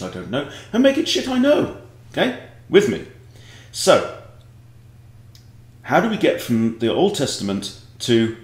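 A man's voice: mid-range voice, darkish tone. A man teaching chess in a casual online lesson, rambling and joking with digressions. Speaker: chess coach. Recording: echoey room.

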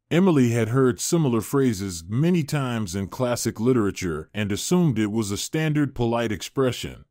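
A man narrating a scripted story in an even storybook reading style. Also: medium pitch, normal speed, no room sound, clean studio sound.

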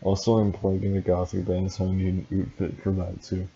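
Deep, flat-voiced deadpan man. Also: fairly quick, vocal fry, highs cut off, a little hiss or hum. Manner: deadpan, dryly mocking. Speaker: reader and commentator. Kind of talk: comedic reading with sarcastic asides.

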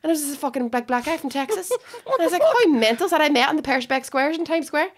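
A woman's voice: high voice, expressive, fast. A woman in her thirties with a Northern Irish accent, hosting a podcast and telling stories in a chatty, laughing way with some swearing. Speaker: podcast host. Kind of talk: casual chat.

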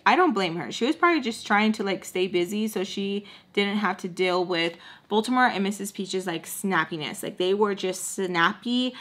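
Young woman vlogger, casual storytime chat, animated and gossipy, mid-range voice, recorded at home. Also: mid-range voice. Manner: animated and chatty, heavy use of "like," repeats phrases for emphasis. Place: at home, doing her makeup while talking.

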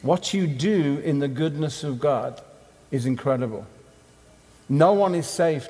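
A man's voice: on the high side, expressive, a little slow, a little mellow. A man giving a conference sermon, emphatic and rhythmic, in short punchy phrases. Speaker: conference speaker. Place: conference hall. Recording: long hall reverb.

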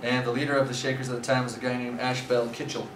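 A male scripture teacher with a medium-pitched, flat voice talks fast, telling stories casually with fillers during a class lecture. A distant microphone captures him in a roomy space with background noise.

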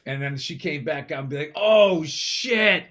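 A man's voice: mid-range voice, fast. A man co-hosting a comedy podcast, teasing and profane, telling stories in casual banter. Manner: teasing, profane, animated storyteller who acts out voices. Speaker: podcast co-host.

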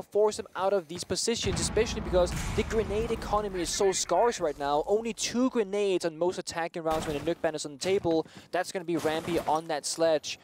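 A man's voice: high voice, noisy background. A man giving chatty, explanatory color commentary on an esports match. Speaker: esports analyst.

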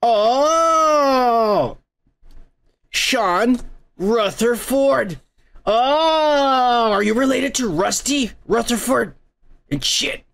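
A man's voice: very high-pitched, expressive, slow pace, gravelly, fairly bright tone. A man hosting a comedy podcast, reading out viewer comments in a crude, rambling way full of profanity and mocking asides.

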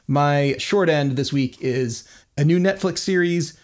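A man's voice: on the high side, measured pace. A man co-hosting a podcast in loose casual chat, using lots of fillers like "uh" and "you know," hedging and drawing out his points. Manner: loose, filler-heavy, hedging, stretches words. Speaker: podcast co-host.

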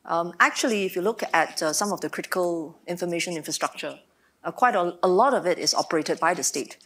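A woman minister speaks on a panel, answering in a careful, measured way. She pauses often with fillers, and her voice sits slightly low for a woman. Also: a bit bright.

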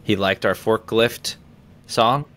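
A man co-hosting a casual podcast, talking in a relaxed, rambling way. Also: fairly low pitch. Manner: relaxed, rambling, reads out loud haltingly. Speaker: podcast co-host. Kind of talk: casual chat.

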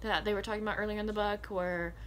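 A young woman with a Southern US accent and a mid-range voice talks fast in a casual book vlog, with a little hiss or hum in the recording. She gushes excitedly, laughing often and saying "like" a lot.

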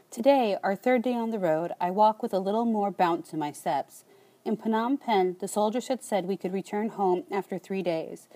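A woman narrating an audiobook in a calm, measured first-person reading. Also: medium pitch.

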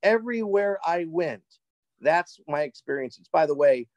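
A man as an interview guest, telling a personal travel story in an animated, casual way and often repeating words as he gets excited. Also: fairly high pitch, unhurried, dry recording, rough recording.

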